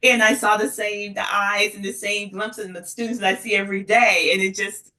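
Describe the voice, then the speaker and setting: A middle-aged woman, a university dean, talking earnestly and emotionally in an interview, with many pauses and restarts. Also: mid-range voice, level tone, bright, forceful tone. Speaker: associate dean of students, podcast guest. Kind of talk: casual interview conversation. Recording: distant mic.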